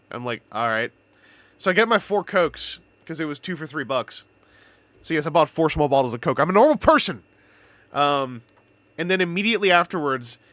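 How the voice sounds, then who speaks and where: A man's voice: fairly high pitch, sharp tone, no echo. A man from Canada chatting casually on a live stream, telling rambling stories with playful wordplay.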